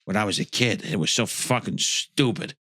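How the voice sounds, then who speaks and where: A man's voice: lowish voice, moderate pace, pushed and bright, husky, dry recording, studio quality, pitched below the performer's own voice. A man doing a mocking impression of a grumpy male stand-up comic with a Boston accent, complaining in a whiny refrain. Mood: grumbling.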